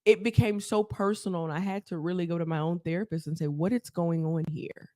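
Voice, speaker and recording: A woman, a therapist, telling her story as a podcast guest, animated and laughing often as she acts out quotes. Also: fairly low pitch, a little fast, no echo, studio quality. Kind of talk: casual storytelling interview.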